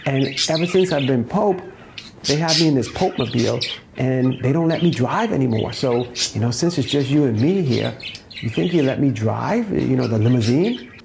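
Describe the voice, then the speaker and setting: A man playing an elderly Pope who gently coaxes his driver, in a told joke. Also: medium pitch, lively intonation, normal speed, gravelly, noisy background. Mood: coaxing. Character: elderly Pope, wistful and coaxing.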